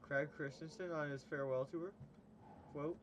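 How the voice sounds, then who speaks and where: A young man talks casually on a livestream, his voice sitting slightly high. He laughs often and retells stories in a loose, chatty way. Faint background noise hums under the recording. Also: fairly even intonation, normal speed. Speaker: stream host.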